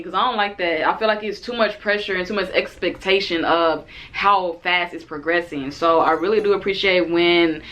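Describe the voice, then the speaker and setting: A woman in her twenties, a vlogger telling a story casually to the camera and acting out what both people said. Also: fairly low pitch. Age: 20s. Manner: animated, acts out both sides of the date in quotes.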